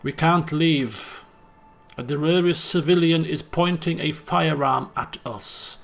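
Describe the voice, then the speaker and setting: A man voicing a calm, stern police lieutenant. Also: fairly high pitch, slow pace, vocal fry. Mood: firm.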